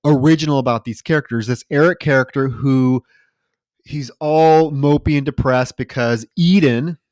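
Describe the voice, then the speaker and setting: A man co-hosting a movie podcast, ranting in a profane, animated way as he recaps a film. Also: mid-range voice, moderate pace, dry recording, clean studio sound. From lived in Houston for years. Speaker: podcast co-host. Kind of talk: casual movie review chat.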